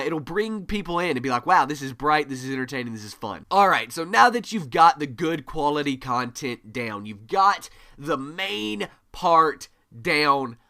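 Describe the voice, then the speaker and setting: A man giving a gaming tutorial to camera, energetic and always varying his pitch, on a USB desk mic. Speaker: gaming YouTuber. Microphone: USB desk microphone.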